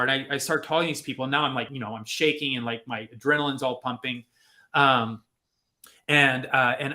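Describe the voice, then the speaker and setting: A man on a podcast telling a personal story in a casual, animated way, acting out the people he quotes. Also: mid-range voice. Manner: animated, acts out quotes with lots of fillers. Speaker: podcast host.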